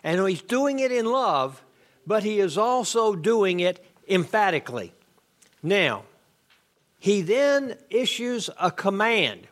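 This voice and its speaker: Emphatic high-voiced man teaching. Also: big pitch swings, slow, a bit bright. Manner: explains grammar step by step, emphatic. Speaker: Bible teacher. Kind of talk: Bible study lesson.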